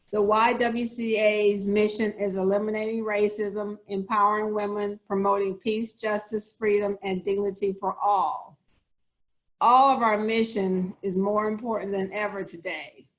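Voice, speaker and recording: A woman hosting a program, speaking deliberately as she leads a pledge. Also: medium pitch. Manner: slow, measured, deliberate. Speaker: CEO and program host. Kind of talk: speech leading a pledge.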